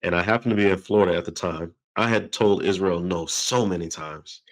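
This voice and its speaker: A man hosting an interview, telling a story in a lively, conversational way and acting out the quoted voices. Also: sits low, fairly quick, rough recording. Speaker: podcast host.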